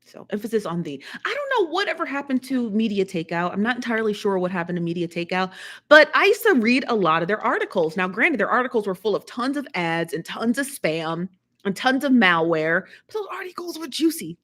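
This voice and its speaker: Woman hosting a live stream; casual, chatty, animated commentary with frequent repetition and laughter. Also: medium pitch, a little fast. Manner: chatty, animated, repeats herself, laughs often. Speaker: live show host.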